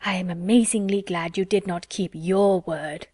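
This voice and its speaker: A woman's voice: fairly low pitch, steady tone, moderate pace, darkish tone, slightly rough, dry recording, studio quality. A woman reading as a sly, gushing young lady. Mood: sugary. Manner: emphatic, over-sweet insistence.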